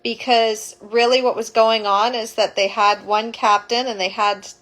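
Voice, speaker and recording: A woman's voice: on the high side, little pitch movement, unhurried, fairly bright tone, poor audio. A woman, a childbirth educator, retelling a story casually, rambling and correcting herself as she goes.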